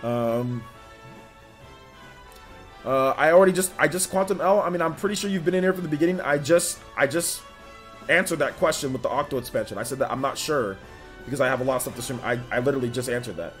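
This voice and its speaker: Man, livestream host, casual rambling chat, lots of fillers, mid pitch, faint music behind. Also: quick pace. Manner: rambling, filler-heavy, addresses chat directly. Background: faint background music.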